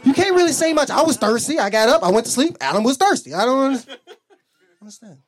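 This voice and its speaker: A man's voice: very high-pitched, fast talker. A young adult man doing a stand-up comedy set, telling crude, profane stories and acting out the lines of people in them. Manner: animated storytelling, acts out quoted lines.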